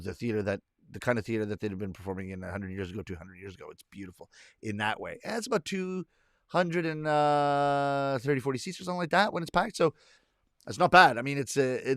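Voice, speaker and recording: A man's voice: mid-range voice, dry recording, studio quality. A middle-aged man from Canada, a comedian chatting casually with viewers on a live stream, rambling and correcting himself as he goes. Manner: rambling, self-correcting, chuckling. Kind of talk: casual chat reading viewer comments.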